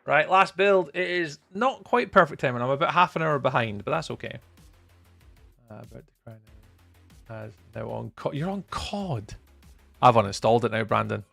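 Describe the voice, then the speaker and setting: A man's voice: mid-range voice, gravelly, a bit bright, dry recording. A man streaming a game, chatting casually with his viewers while he plays. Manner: chatty, talks to chat while playing. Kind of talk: casual live-stream chat.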